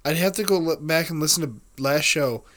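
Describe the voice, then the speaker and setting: A young man with a bright, sharp-edged voice, joking through casual football podcast chat. He jumps in with quick reactions and laughs often. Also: on the high side. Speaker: podcast co-host.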